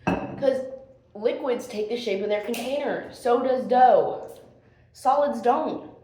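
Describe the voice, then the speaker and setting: A young woman co-hosting a podcast, chatting casually while eating, giggly and excitable. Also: fairly high pitch, slow pace. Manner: giggly, excitable, breaks into squeals. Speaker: podcast co-host. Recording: echoey room, faint hiss.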